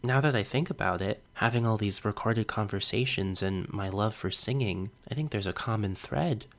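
A young man hosts his podcast and tells a personal story in a reflective, earnest manner, now and then with a small self-conscious laugh. His voice sits a little low for a man. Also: normal speed. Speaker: podcast host.

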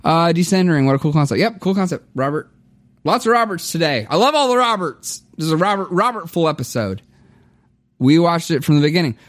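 A man's voice: on the high side, lively intonation, fairly quick. A man hosting a church podcast, joking and rambling through announcements and banter. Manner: jokey, rambling. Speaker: podcast host. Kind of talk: casual chat.

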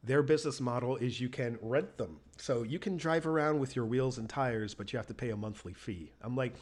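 A man's voice: mid-range voice, a little fast, few pauses. Man telling a road-trip story casually. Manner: animated storytelling, acts out quoted people. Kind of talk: casual chat.

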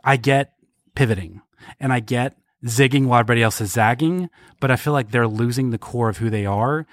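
A man co-hosting a podcast, talking quickly with wry, joking commentary. The recording is dry and close. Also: mid-range voice, no echo. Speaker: podcast co-host. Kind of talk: casual chat.

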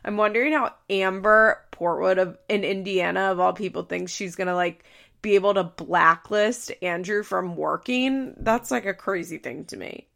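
A woman's voice: medium pitch, normal speed, gravelly, a bit bright. A woman hosting a podcast, giving casual commentary in a chatty way full of fillers. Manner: chatty, heavy on fillers like "like" and "you know". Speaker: podcast host.

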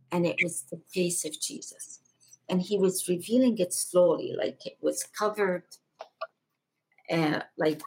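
A middle-aged woman from Egypt telling a personal spiritual testimony as a guest, in a slow, halting and emotional way. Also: on the low side, darkish tone, slightly rough, rough recording.

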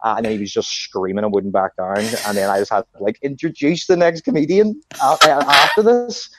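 A man's voice: mid-range voice, fairly quick, background noise. A man, a stand-up comedian, telling stories in casual chat and acting out what people said. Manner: animated anecdotes with acted-out quotes.

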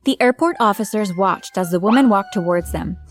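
Expressive woman narrating a dramatic story. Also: mid-range voice, a little fast, faint music behind. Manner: expressive, dramatic first-person telling. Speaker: narrator voicing a teenage girl.

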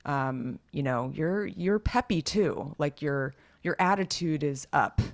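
A woman with a very low voice chats casually with a friend. She laughs often and adds quick, encouraging asides. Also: creaky. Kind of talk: casual chat.

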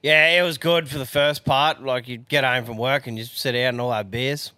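A blunt Australian man co-hosting a casual chat, swearing as he goes. His voice is bright and forceful, recorded dry and close. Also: medium pitch, fairly even intonation, moderate pace, smooth, dry recording. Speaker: podcast co-host.

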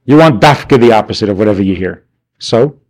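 Speaking fast in an expressive voice on the low side, a man lectures a class. He poses rhetorical questions and answers them himself, adding wry, mock-indignant asides.

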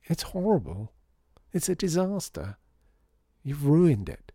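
A man voicing an upset young girl who protests in a raised, high voice. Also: big pitch swings, slow, mellow, breathy edge, dry recording, studio quality, exaggerated voice.

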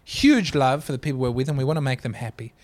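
A man's voice: mid-range voice, expressive, fast. A man co-hosting a comedy podcast, chatting casually and rambling through tangents. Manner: rambling, reads quotes in put-on voices. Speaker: podcast co-host.

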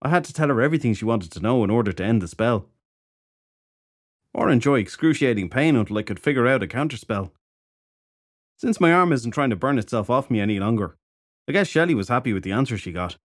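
A man's voice: mid-range voice, expressive, fast talker, no echo, clean studio sound, lightly acted. A man voicing a sardonic fairy detective who talks bluntly and sarcastically. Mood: rueful.

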